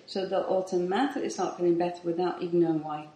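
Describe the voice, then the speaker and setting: A woman's voice: lowish voice, steady tone, fast talker, mellow. Emphatic woman, falling sentence endings. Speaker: author and hypnosis practitioner as guest. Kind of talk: conversational explaining. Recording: echoey room.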